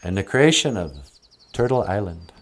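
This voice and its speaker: Brief: low-voiced man, unhurried storyteller, chuckles between thoughts. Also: expressive. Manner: slow, musing, laughs often. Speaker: storyteller and host. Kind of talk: casual storytelling.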